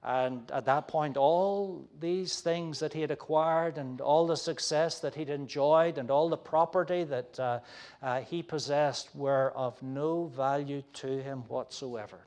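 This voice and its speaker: Male preacher, fairly high voice, emphatic, fillers and restarts, loud-soft swings. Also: unhurried. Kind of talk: sermon.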